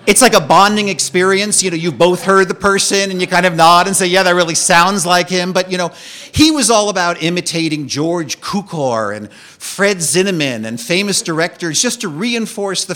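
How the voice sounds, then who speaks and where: Wry male storyteller. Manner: wry, animated delivery that drops low and quiet for dark moments. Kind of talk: personal storytelling monologue.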